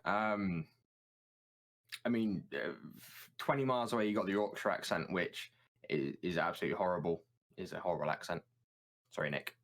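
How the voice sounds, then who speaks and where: A man, a guest chatting in a relaxed, self-mocking way over a remote call, often repeating his words. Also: low voice, normal speed, pauses often. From southern England. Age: 30s. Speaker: guest streamer. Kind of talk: casual chat on a live stream.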